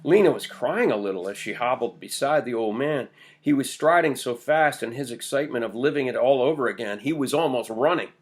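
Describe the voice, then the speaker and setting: A man narrating a children's novel aloud in a steady, measured reading. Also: mid-range voice. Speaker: audiobook narrator. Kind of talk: audiobook reading.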